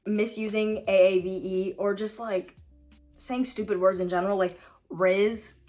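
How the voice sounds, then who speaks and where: A woman's voice: mid-range voice, fairly even intonation, a little slow, a little mellow, soft background music. Sassy chatty young woman vlogger. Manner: chatty, filler-heavy, sassy, laughs often. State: tired late-night voice-over. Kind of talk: casual opinion rant to camera.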